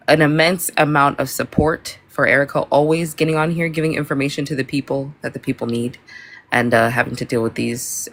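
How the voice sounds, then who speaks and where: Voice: mid-range voice, gravelly, a bit bright. A panelist on a live call-in stream in a casual, easygoing way, urging viewers to like, share and support the host.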